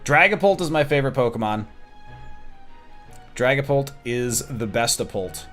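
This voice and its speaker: A man's voice: medium pitch, expressive, moderate pace, a bit bright, faint music behind. Chatty man streaming a game. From Wisconsin. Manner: chatty, self-deprecating, thinking aloud. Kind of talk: casual gameplay commentary.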